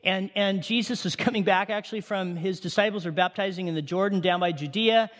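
A man preaching a sermon to his congregation, animated and firing questions at them. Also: sits high, fairly quick. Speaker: pastor. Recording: long hall reverb.

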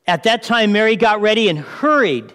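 A man preaching a lively sermon, asking his listeners questions and acting out the story as he goes. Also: high voice, normal speed, smooth. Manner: lively, asks the audience questions, acts out scenes. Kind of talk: animated sermon. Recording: long reverb of a large hall.

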